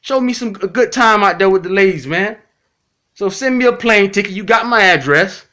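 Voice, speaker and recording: A man's voice: high-pitched, normal speed, bright, forceful tone. A man talking casually and bluntly to his critics in a response video, repeating himself and cursing freely. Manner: blunt, repetitive, profane, addresses critics directly. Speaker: YouTube commentator.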